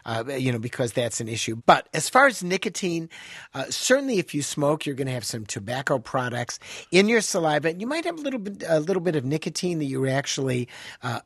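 Man, radio family-doctor host, chatty, lively up-and-down delivery, dry studio mic. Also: a little high, fairly quick, slightly rough, no room sound. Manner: chatty, digressive, lively asides, laughs easily. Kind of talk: conversational radio talk.

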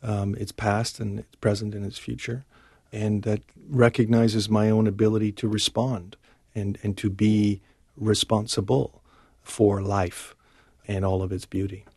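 A man speaking in a slow, halting, earnest and reflective way. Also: fairly low pitch, little pitch movement, a little mellow, husky, dry recording, studio quality. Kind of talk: reflective speech.

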